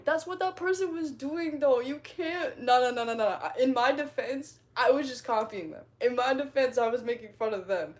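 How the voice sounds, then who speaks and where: A woman's voice: high-pitched, normal speed, few pauses. A woman livestreaming who reads viewers' comments aloud, laughing often, swearing freely and rambling to excuse herself. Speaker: livestreamer reading chat comments. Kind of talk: casual livestream chat.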